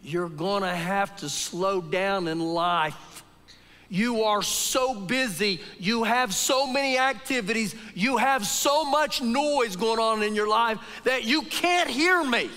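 A man preaching a sermon at a live church service, dropping to quiet, low passages and rising to loud, shouted peaks. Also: slow pace. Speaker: pastor. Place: church sanctuary. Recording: live church service in a big reverberant room.

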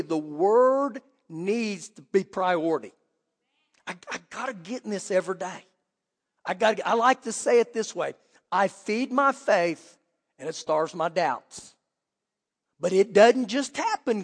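A man preaching a sermon as pastor, telling lively stories and acting out quoted voices. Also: high-pitched, long reverb tail. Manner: animated storytelling with quoted voices. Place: church sanctuary.

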